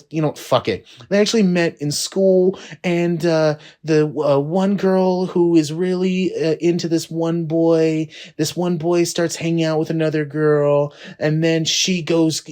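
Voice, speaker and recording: Male movie reviewer, casual and profane, exasperated rants with sudden loud spikes. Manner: exasperated, profane, swings between low mutters and loud rising outbursts.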